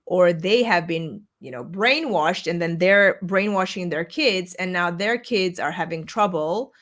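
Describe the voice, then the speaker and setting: A woman with a somewhat low voice hosts a podcast over a remote call. Her first language is Armenian, and she talks in an earnest, reflective way, often pausing to search for the right word. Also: expressive, fairly bright tone. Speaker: podcast host. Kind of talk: casual video-call conversation. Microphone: remote call microphone.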